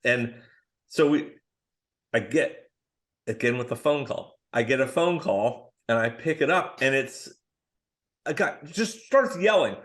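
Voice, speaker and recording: A middle-aged man, a screenwriter guest on a podcast, telling casual, animated stories and acting out other people's lines. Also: mid-range voice, a little slow, pauses often.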